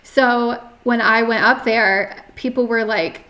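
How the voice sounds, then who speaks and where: Brief: young woman guest, rambly, restarting talk, slightly high voice. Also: fairly even intonation, slow, sharp tone. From North Carolina. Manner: chatty, many fillers and restarts, frequent "like". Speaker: podcast guest. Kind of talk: casual interview, personal story.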